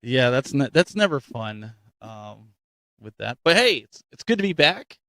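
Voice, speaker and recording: A man hosting a casual chat show, upbeat and animated, with a close, dry microphone sound. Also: mid-range voice, unhurried, no room sound. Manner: upbeat, animated announcer-style delivery. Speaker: host.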